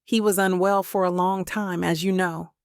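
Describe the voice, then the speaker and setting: Woman doing a tearful mother, shaky, tender, slightly higher, gravelly edge. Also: flat delivery, normal speed, darkish tone, no echo, clean studio sound, lightly acted. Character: grieving middle-aged mother, shaky and tender.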